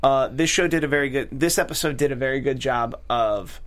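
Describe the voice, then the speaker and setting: Male co-host, relaxed and jokey, mid-pitched, easygoing chat. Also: fairly quick. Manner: joking, laid-back, loses names. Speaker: podcast co-host. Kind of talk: casual chat.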